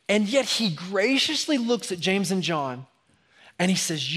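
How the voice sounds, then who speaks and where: A man preaching a sermon in a church, animated, acting out sarcastic asides before dropping to a hushed, intense tone. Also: a little high, a little slow, breathy edge. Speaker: pastor. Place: church sanctuary.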